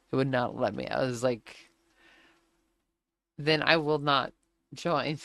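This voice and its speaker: A woman's voice: rumbling low, vocal fry, a bit bright, no room sound. A woman streaming a flight game, chatting casually and telling stories with frequent laughter. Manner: chatty storytelling, laughs often, acts out quotes. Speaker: gaming streamer. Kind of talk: casual chat while playing a flight game.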